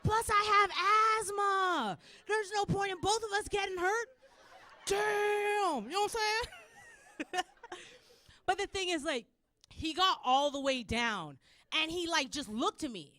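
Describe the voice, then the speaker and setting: A woman from Canada in her thirties doing a stand-up set, acting out her kids and herself in loud, high voices. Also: animated, moderate pace, pauses often. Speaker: stand-up comedian. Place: comedy club stage.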